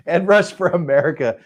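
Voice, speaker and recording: A man hosting a live online show in a casual, chatty way, laughing often and reading out viewer comments. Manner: energetic, emphatic pitch. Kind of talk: casual live-stream talk.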